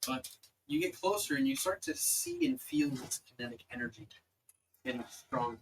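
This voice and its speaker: A man's voice: medium pitch, huge pitch swings, normal speed, a little hiss or hum, rough recording. A man narrating as dungeon master of a tabletop game, loose and casual with lots of filler words.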